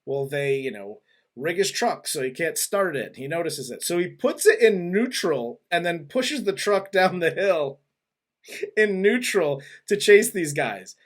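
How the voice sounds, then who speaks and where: Male podcast host, slightly high voice, rambling, animated, profane casual review chat. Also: measured pace. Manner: rambling, animated retelling with laughs and swearing.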